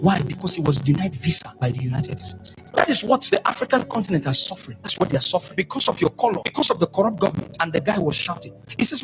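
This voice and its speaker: A Nigerian man telling his story with fire, his voice lively and high-pitched. He rises to shouts at the high points. Clear music runs underneath him. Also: quick pace, rough recording. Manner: fiery storytelling, shouting at peaks. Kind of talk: impassioned public speech.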